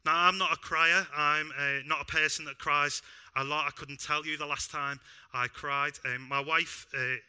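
A young man preaching a sermon in a church, animated and self-deprecating with bits of humor. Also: on the high side, normal speed, clear, resonant tone. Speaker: pastor.

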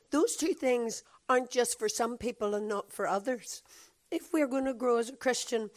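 A woman with a Belfast accent, her voice croaky and hoarse, giving an earnest sermon on the Holy Spirit. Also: on the high side. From Northern Ireland. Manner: earnest, warm teaching tone with fillers. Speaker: preacher.

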